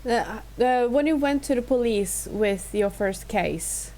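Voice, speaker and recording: A woman's voice: fairly high pitch, lively intonation, a little slow, dark tone. A woman interviewing a guest, giving short encouraging reactions and asking plain questions. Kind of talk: casual interview.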